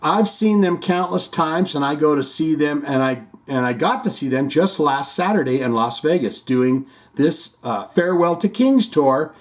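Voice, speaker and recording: A man's voice: a little high, expressive, moderate pace, hardly any pauses. Rambling man reading viewer comments. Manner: rambling, stumbling restarts. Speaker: host.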